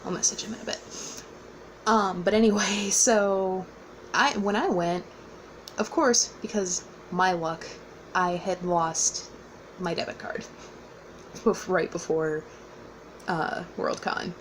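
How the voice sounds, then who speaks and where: A woman's voice: lowish voice, steady tone, slow, long pauses, slight background noise, low-quality recording. A young woman casually telling a personal story, rambling with fillers and laughing often. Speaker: vlogger.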